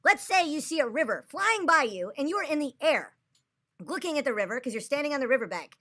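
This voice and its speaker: Tipsy lady streamer ranting, cussing a lot, bright edgy voice. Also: sits high, big pitch swings, fast. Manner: profane, agitated, argumentative. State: tipsy after a few drinks. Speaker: livestreamer. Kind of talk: livestream rant.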